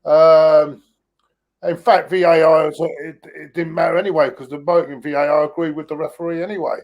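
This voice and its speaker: A man's voice: fairly high pitch, fairly even intonation, a little fast, lo-fi sound. A man joining a football fan stream by video call, giving sarcastic, firm opinions. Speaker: guest pundit. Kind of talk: casual football fan chat. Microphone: video call over weak internet.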